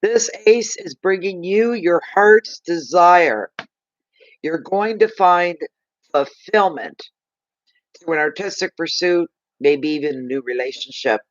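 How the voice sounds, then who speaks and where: A man giving a live tarot card reading, gushing and emotional, slow and soothing. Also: high-pitched, lively intonation, no echo, dull audio.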